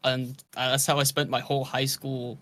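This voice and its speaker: A man's voice: medium pitch, little pitch movement, moderate pace, sharp tone, no room sound. A young British man in casual podcast chat, laid-back, swearing freely and laughing as he talks. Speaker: podcast co-host.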